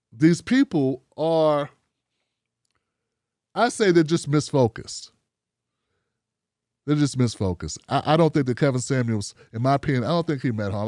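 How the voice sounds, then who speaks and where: Blunt opinionated man, higher voice. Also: no echo, clean studio sound. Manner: blunt, animated, rhetorical questions. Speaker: commentary show host. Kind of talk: opinion commentary monologue.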